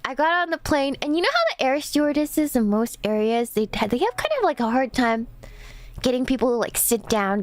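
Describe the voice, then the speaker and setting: A high-pitched woman streamer in casual live chat. She rambles and restarts, scattering "like" through her sentences as she tells her stories. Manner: rambling and chatty, full of "like" and restarts. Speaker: streamer host.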